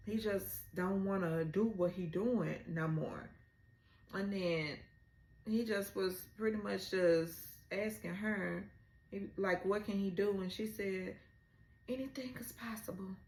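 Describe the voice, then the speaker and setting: Slow-talking emotional woman recapping a show. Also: medium pitch, a little mellow, echoey room. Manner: emotional, retelling scenes with rising exclamations. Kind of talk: casual episode recap.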